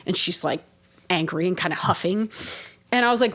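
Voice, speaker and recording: A woman in her forties, an interview guest, telling a funny story in an animated, laughing way and swearing freely. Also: fairly low pitch, brisk.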